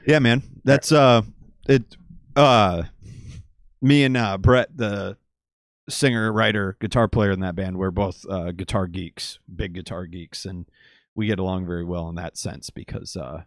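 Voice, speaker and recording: A man's voice: low-pitched, fairly even intonation, unhurried, dry recording, studio quality. A man who plays in a band, a guest in a casual podcast chat, talking in a laid-back way with many hesitant fillers. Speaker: guest musician.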